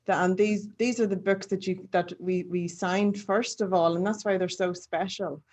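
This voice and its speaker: A woman interviewing an author at a book launch, speaking softly and affirming what she says. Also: medium pitch, fairly even intonation, moderate pace.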